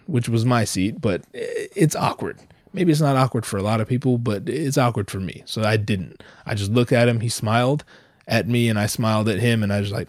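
A man telling a stand-up story full of swearing, lively and animated, his voice leaping up whenever he acts out a quote. The sound is dry and close, with no room around it. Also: medium pitch, dry recording. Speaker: comedian.

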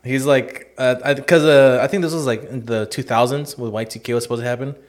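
A man's voice: medium pitch, steady tone, brisk. A man chatting casually as a co-host, joking and slipping into silly voices when he retells scenes. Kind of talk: casual chat.

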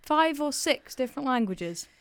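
A woman's voice: high voice, very animated, normal speed. A young woman, a podcast guest who chats casually, giggling and poking fun at herself. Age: young adult. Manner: giggly, self-mocking, chatty.

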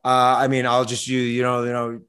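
A hoarse young man, a fitness coach on a podcast, talking in an energetic, jokey, hyped way. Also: mid-range voice, a little fast. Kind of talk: casual podcast chat.

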